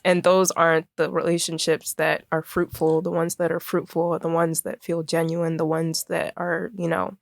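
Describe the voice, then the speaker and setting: A woman's voice: low voice, monotone, moderate pace, vocal fry, hardly any pauses, no echo, studio quality. A young woman from Maryland, a fashion designer, chatting casually as a podcast guest and using lots of fillers. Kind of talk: casual conversation.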